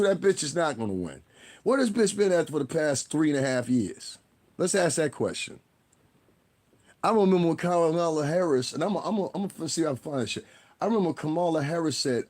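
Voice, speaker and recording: A man's voice: a little high, animated, brisk, a little mellow. A man ranting on a live stream, blunt and combative, cursing heavily and rambling straight at his viewers. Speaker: livestreamer. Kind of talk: profane live-stream rant.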